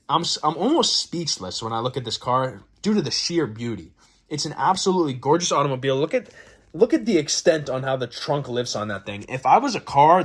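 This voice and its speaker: A man in his twenties hosting a casual car review vlog, rambling and excitable, swearing freely. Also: mid-range voice. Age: 20s. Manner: profane, excitable, rambling enthusiasm. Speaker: car channel host.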